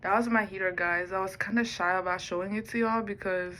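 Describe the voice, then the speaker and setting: A woman's voice: medium pitch, steady tone, brisk, sharp tone, a little hiss or hum, low-quality recording. A woman talking to the camera in a rambling personal vlog, musing aloud and drifting between topics. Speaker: vlogger.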